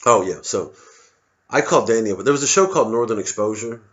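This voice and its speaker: A man's voice: on the low side, lively intonation, fast, fairly bright tone, muffled recording. A male comedian giving a digressive, self-interrupting, profane stand-up monologue.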